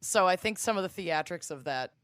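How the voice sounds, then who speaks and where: A woman guest in casual podcast chat, frank and quick to laugh, swearing casually. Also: lowish voice, expressive, fairly bright tone, smooth, dry recording.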